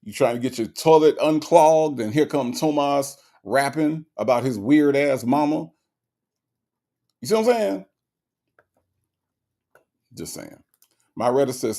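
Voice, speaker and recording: Brief: male streamer, casual comedic commentary, gravelly, repeats himself for emphasis. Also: medium pitch, unhurried, long pauses. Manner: animated, repetitive, laughing asides. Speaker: livestream host reading chat.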